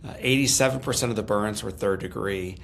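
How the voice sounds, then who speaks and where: A man's voice: fairly low pitch, a little fast, gravelly, a bit bright, slight background noise. A middle-aged man telling his own story earnestly in an interview, often repeating words as he stresses a point. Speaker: podcast guest, speaker.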